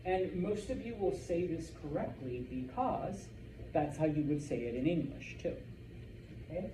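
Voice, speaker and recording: A man teaching a Spanish class to students, repeating words slowly to model their pronunciation. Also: on the high side, animated, background noise. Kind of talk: classroom lesson.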